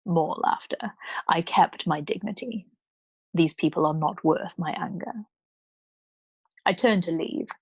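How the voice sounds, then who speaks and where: Woman storyteller, calm book reading, low voice, gravelly, dry close sound. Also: no echo, highs cut off. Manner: calm, measured narration.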